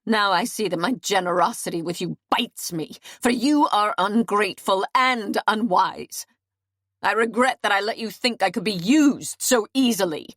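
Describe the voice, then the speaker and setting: A woman narrator voicing a stern, commanding medieval lord who speaks with measured, cold authority. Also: medium pitch, fairly bright tone, no echo, clean studio sound, natural voice. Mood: warning.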